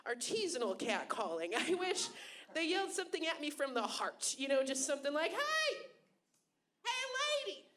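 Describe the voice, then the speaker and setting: A young woman doing a stand-up comedy set on a club stage, deadpan and self-mocking with sudden loud bursts, on a handheld mic. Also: high-pitched, brisk.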